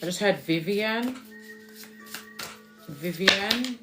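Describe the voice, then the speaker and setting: A woman's voice: medium pitch, animated, extremely slow, over loud music. A woman doing a casual, chatty spiritual card reading, often repeating phrases she says she hears from spirit.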